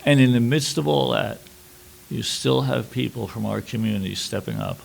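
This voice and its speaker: Gravelly middle-aged man telling a war story. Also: mid-range voice. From New York City. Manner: halting, with frequent fillers and restarts. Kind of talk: personal storytelling at a workshop.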